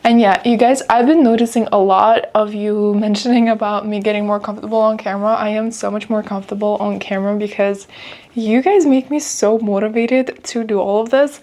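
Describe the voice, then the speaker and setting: A woman's voice: medium pitch, darkish tone. A young woman chatting casually through a makeup tutorial, talkative and heartfelt with lots of filler words. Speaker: beauty vlogger.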